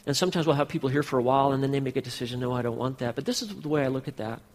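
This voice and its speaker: A man's voice: mid-range voice, racing, big-room sound. A man pastor preaching a sermon, speaking earnestly and directly to his congregation.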